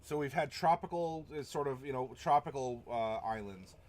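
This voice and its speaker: A man's voice: mid-range voice, normal speed, a little mellow. A man hosting a tabletop role-playing live stream, chatting casually and rambling with chuckles while reacting to chat. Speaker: stream host.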